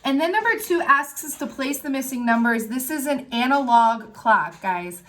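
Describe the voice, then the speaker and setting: A woman's voice: high voice, lively intonation, normal speed, a bit bright, a little hiss or hum. Patient woman teacher guiding young kids. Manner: clear, patient step-by-step instructions to young children. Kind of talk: recorded remote class lesson.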